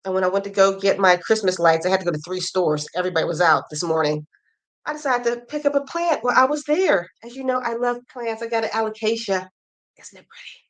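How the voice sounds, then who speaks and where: A woman's voice: mid-range voice, fast talker. Chatty American woman hosting a livestream. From United States. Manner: chatty, goes off on tangents. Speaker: livestream host. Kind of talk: casual livestream chat. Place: home with a Christmas tree.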